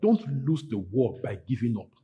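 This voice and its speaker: A man preaching a sermon as pastor, emphatic, repeating his phrases and climbing to loud peaks. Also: on the low side, big pitch swings, normal speed, breathy edge, highs cut off.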